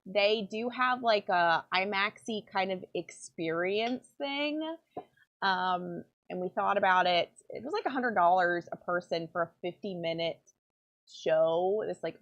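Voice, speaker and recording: A woman rambling casually with plenty of fillers while she works in her pen workshop. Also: mid-range voice. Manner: rambling, chatty, many fillers. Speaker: pen maker and channel host. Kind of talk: casual chat while working. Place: home workshop. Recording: dull lo-fi sound.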